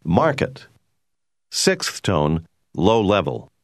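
A man giving a scripted, measured narration for a language course. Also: low-pitched, very animated, dry recording, studio quality. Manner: measured, explanatory.

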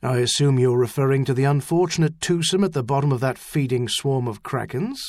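A man's voice: medium pitch, sing-song, a little fast, a little mellow, dry recording. A man reading the part of a wry, sardonic wealthy commoner in an audiobook, speaking dryly. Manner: dry, sardonic.

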